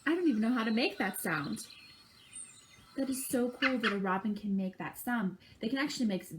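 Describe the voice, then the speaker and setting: A woman's voice: a little high, expressive, fairly quick, background noise. A woman reading a picture book aloud to children at a library, stopping to chat and imitate bird calls with them. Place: library program.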